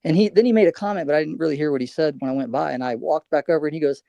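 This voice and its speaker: A man's voice: on the high side, very fast, gravelly, dark tone, no echo, muffled recording. A man on a livestream panel, talking in a rambling, storytelling way full of restarts. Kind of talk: casual panel chat.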